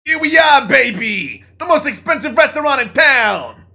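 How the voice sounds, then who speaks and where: A man voicing a pompous stage hero who speaks like a ventriloquist, loud and triumphant. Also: very high voice, big pitch swings, normal speed, gravelly, pitched above the performer's own voice, full character voice. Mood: boastful. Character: man played as a stiff ventriloquist-style hero.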